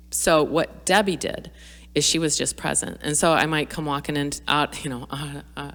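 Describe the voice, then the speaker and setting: A middle-aged woman guests on a podcast, speaking candidly and reflectively in a low voice with a bit of brightness, often using fillers and restarting. It's a frank personal conversation, and a long reverb makes it sound like a hall.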